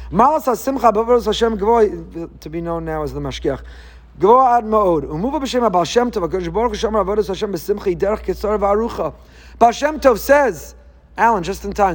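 A man, a rabbi, giving an emphatic and animated Torah lecture. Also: high voice. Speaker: rabbi teaching a class.

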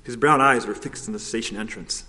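A man narrating a children's story aloud, in a steady, expressive reading. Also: on the low side, fairly quick. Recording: long hall reverb.

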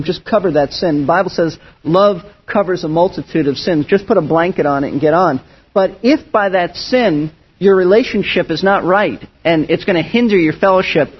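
A man's voice: high-pitched, husky. A man preaching a sermon as pastor, earnest and emphatic, often restarting his phrases. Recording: dull lo-fi sound.

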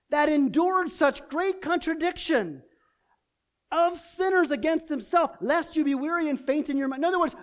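Impassioned male preacher, slow and emphatic. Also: very high voice. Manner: impassioned, repetitive rhetorical questions. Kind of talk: sermon.

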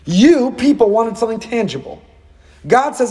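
Rabbi guy teaching torah, husky voice, lots of echo in a big hall, acts out the dialogue. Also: fairly high pitch, brisk. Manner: animated, acts out dialogue, rhetorical questions. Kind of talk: Torah class.

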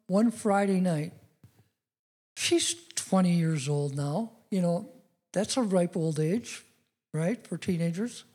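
A man's voice: sits high, dark tone, slightly rough. A middle-aged man preaching a sermon, telling personal stories in an earnest way that rises to emphatic declarations.

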